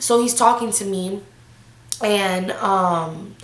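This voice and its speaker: A young woman of eighteen tells a storytime vlog, talking in a casual, slangy rush as she relives the moment. Her voice sits at a middle pitch. The room around her adds a noticeable echo. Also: normal speed, heavy background noise. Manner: casual, slangy, breathless retelling. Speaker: vlogger.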